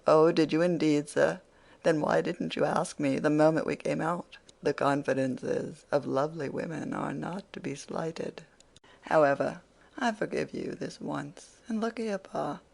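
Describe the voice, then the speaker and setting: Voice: mid-range voice, fairly even intonation, a little slow, gravelly, a little mellow. An audiobook reader voicing a spirited, teasing young woman who scolds her father playfully.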